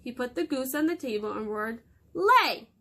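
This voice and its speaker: A woman hosting storytime for children, reading a fairy tale aloud in a lively, expressive way. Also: fairly high pitch, brisk.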